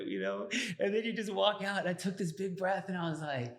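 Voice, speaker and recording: A man's voice: high voice, fairly quick, a bit bright. A man talking as a podcast guest in casual chat, earnestly telling his story and acting out his own inner dialogue, often checking in with "right?".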